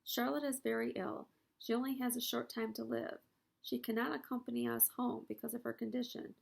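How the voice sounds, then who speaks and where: A woman's voice: on the high side, flat delivery, brisk, vocal fry. A woman voicing an anxious young male pig, earnest and pleading, in a storybook reading.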